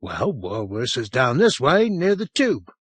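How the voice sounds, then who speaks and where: A man's voice: medium pitch, wildly swooping pitch, a little slow, husky, dry recording, voice pushed up, full character voice. A man reading an audiobook, voicing a frightened, tearful lost boy in a raised, urgent voice. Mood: insistent. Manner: urgent, insistent.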